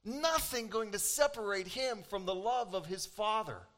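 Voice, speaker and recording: This pastor's voice sits high as he preaches an animated, emphatic sermon. Quoted lines get acted out, and he leans on dramatic pauses.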